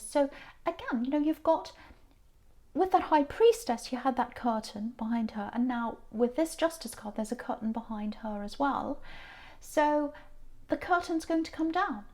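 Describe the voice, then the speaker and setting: A woman giving a rambling, casual tarot reading, repeating phrases and dropping into soft asides. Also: high-pitched, expressive, normal speed. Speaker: tarot reader.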